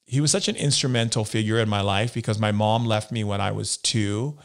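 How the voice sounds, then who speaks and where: This American man's voice is lowish, steady, brisk and gravelly. He's an earnest interview guest telling personal stories in a sit-down setting, acting out other people's words as he goes.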